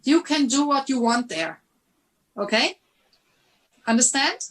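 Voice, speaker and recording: A woman leads an online music lesson over a video call. Her voice sits fairly high and her delivery is slow and patient. She often sings phrases on nonsense syllables to show how they should go. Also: expressive, poor audio. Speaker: music teacher giving a masterclass.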